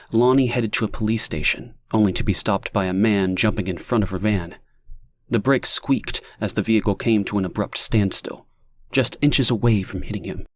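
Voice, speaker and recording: Reading an audiobook script, a lowish-voiced man keeps his narration even and measured throughout.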